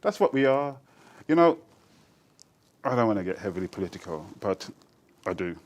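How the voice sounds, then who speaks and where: Low-voiced and animated, this Birmingham poet speaks at normal speed as an interview guest in a casual storytelling interview. His Birmingham English carries Jamaican influence, and he laughs often and breaks into quoted voices.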